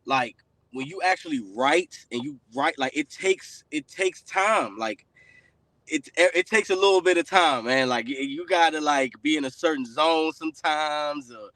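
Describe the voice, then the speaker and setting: A man hosting a casual podcast chat, his voice sitting a little high for a man. He rambles through loose, filler-heavy thoughts and often trails off softly. The sound is dry and close, with no room around it. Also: normal speed, dry recording. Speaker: podcast host.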